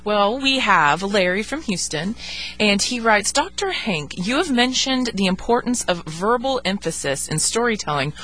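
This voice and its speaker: A woman's voice: medium pitch, animated, moderate pace, fairly bright tone. Female radio co-host, cheerful announcer manner. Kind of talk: casual radio talk.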